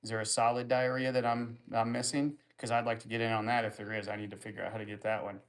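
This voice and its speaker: Talking fast in a level, mid-range voice, a male livestream host reads viewer comments aloud. He answers them with rambling, crude jokes in easygoing casual chat.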